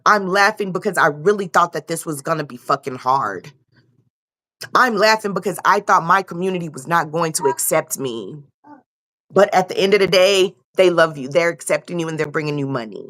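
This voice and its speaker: A woman's voice: on the low side, expressive, normal speed, a bit bright. A young woman giving a loose, casual tarot reading and repeating herself often. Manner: loose, repetitive, swears casually. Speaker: tarot reader.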